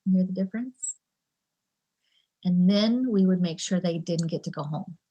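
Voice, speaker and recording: A woman's voice: on the low side, normal speed, mellow. A woman presenting a parenting talk in a conversational way, acting out exchanges between parent and child.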